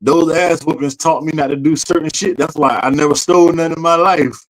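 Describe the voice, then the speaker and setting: A man co-hosting a podcast, telling a childhood story in a lively, slangy, profane way. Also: a little high, fairly quick, rough recording. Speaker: podcast co-host. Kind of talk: casual storytelling chat.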